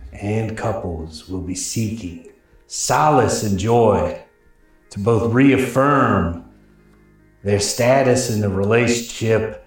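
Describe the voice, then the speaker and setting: A man playing a male chocolate company owner who gives a slow, halting, solemn speech. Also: fairly low pitch, voice pushed down. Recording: very echoey room, faint music.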